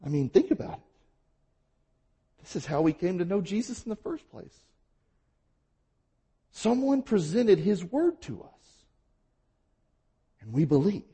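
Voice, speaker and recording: Lively husky-voiced male preacher. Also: high-pitched, a little slow, long pauses. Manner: emphatic, rhetorical questions, varied delivery. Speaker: pastor. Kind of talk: sermon.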